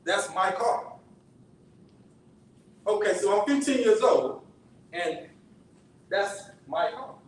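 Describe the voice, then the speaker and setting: A man's voice: high voice, animated, takes it slowly, long pauses, slight background noise. A man giving a conversational, story-driven sermon, checking in with the audience with frequent asides. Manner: conversational, asks the audience "right?" often. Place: church sanctuary. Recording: echoey church from far off.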